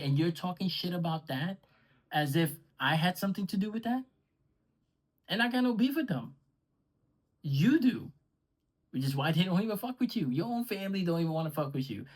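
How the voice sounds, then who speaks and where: A man's voice: a little high, low-quality recording. Man ranting angrily at a rival. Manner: heated, profane, sarcastic, addressing a rival directly. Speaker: podcaster and vlogger. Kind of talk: angry direct-to-camera rant.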